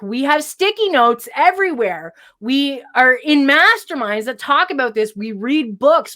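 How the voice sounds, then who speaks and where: A woman co-hosting a podcast, talking in an energetic, emphatic motivational way and often checking in with "right?". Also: on the high side. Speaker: podcast co-host. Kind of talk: casual motivational chat.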